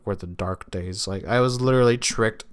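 A man's voice: fairly low pitch, moderate pace. A young man hosting a solo podcast, rambling casually with lots of swearing, restarts and fillers. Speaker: podcast host. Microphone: podcast microphone.

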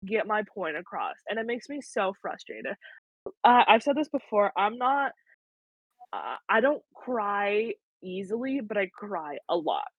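A young woman co-hosts a casual podcast, speaking candidly, swearing now and then and saying "like" constantly. Her medium-pitched voice is very animated, unhurried and slightly rough. The recording is dry and dull, with a lo-fi sound and no room ambience.

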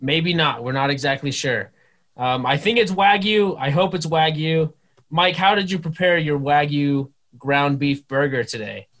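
A man's voice: a little high, measured pace, a bit bright. A young man co-hosting a casual podcast, joking and swearing freely as he leads the chat. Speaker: podcast co-host.

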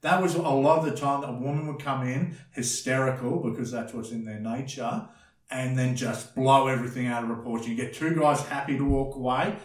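A man's voice: medium pitch, steady tone, fairly quick, far from the mic. A man, a former bouncer, telling blunt and crude stories in casual podcast chat, often acting out the voices of the people in them. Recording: echoey room, a bit off-mic.

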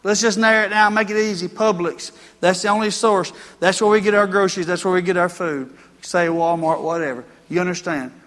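A man's voice: sits high, fairly even intonation, a little fast, a bit bright, long reverb tail. A man preaching a sermon, mixing folksy country stories with emphatic preaching. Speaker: pastor.

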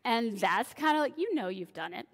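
A woman's voice: fairly high pitch, expressive, normal speed, vocal fry. Chatty woman pastor in a reverberant hall. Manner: chatty, acts out voices in dialogue. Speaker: senior pastor. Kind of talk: conversational sermon. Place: church sanctuary.

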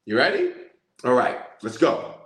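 Male preacher, animated storyteller, middle pitch, echoey room. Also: unhurried. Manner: storytelling, animated, calls out to listeners. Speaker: bishop. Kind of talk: sermon-style prayer message.

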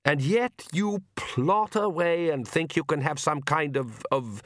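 A man's voice: on the high side, a little slow, fairly bright tone, no room sound, clean studio sound, pitched above the performer's own voice. A man voicing a suave, mocking vampire count. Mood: menacing. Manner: smooth, amused and condescending. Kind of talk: audiobook character reading.

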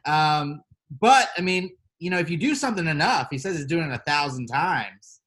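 Higher-voiced rambling podcast guy. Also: expressive, moderate pace, fairly bright tone. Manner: rambling, heavy on fillers. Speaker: podcast co-host. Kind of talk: casual chat.

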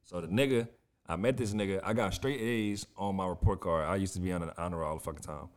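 A young man, a podcast co-host, telling a story in casual chat, animated and profane, acting out what other people said. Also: low voice, fast. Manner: animated, profane storyteller who acts out quoted voices.

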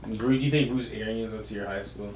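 Loud joking man in an echoey room. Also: fairly low pitch, fairly quick. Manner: loud joking, repeats words. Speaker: podcast co-host. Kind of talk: casual banter. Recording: echoey room with faint noise.

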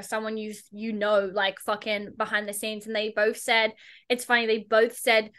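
A woman's voice: fairly high pitch, flat delivery, a little fast, fairly bright tone. A young woman, a podcast guest and entrepreneur, talking casually in a blunt, sarcastic way and swearing freely.

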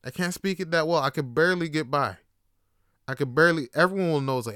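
A young man hosting a casual solo podcast, telling slangy, animated stories and laughing often. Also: on the high side, quick pace, smooth, no echo, clean studio sound. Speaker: podcast host.

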